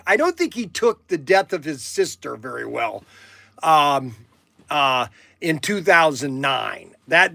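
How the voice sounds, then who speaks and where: A man's voice: fairly high pitch, pushed and bright, dry recording. A middle-aged man hosting a livestream from a warehouse, chatting casually and telling folksy stories full of fillers and restarts. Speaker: livestream host. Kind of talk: rambling casual livestream chat.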